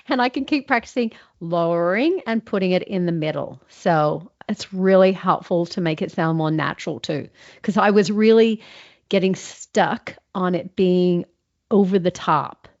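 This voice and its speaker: A woman's voice: mid-range voice, normal speed. A woman host and voiceover artist chatting casually and reflectively about practising an accent. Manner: chatty, reflective, lots of fillers and restarts. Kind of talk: casual chat. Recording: slightly dull lo-fi recording.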